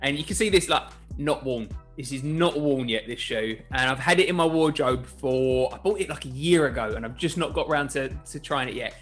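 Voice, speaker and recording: A man's voice: medium pitch, moderate pace, few pauses, faint music behind. A man from England hosting a casual golf shoe review, chatty and jokey, often correcting himself mid-sentence. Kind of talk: casual chat.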